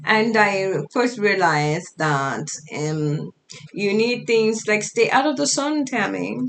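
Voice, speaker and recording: A middle-aged woman telling her own story in a halting, casual way, her speech altered so that it sounds foreign. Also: mid-range voice, lively intonation, gravelly. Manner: halting, with fillers and restarts. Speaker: storyteller sharing her life.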